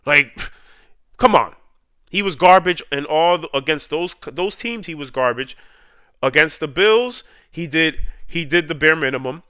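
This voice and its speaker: Male sports vlogger, heated fan rant, smooth clear voice, dry close mic. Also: on the high side, lively intonation, sharp tone, no echo. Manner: heated, repetitive, drawn-out emphasis. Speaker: sports YouTuber ranting.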